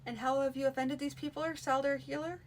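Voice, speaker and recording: Brief: commanding male baron in a storybook reading, dry and measured; woman reader voices him. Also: high voice, level tone, a little hiss or hum, voice pushed up, lightly acted, poor audio.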